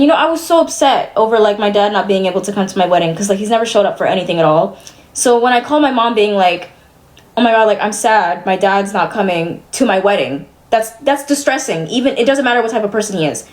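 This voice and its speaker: A young adult woman streaming live, venting casually to her chat in an exasperated, profane way that swings between loud disbelief and weary muttering. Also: on the high side, quick pace.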